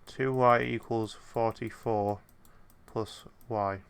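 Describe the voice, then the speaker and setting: A young man hosting a casual let's play, working through puzzles out loud in an offhand, muttering way. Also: mid-range voice, steady tone, slow pace, gravelly, clear, resonant tone. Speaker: gaming channel host.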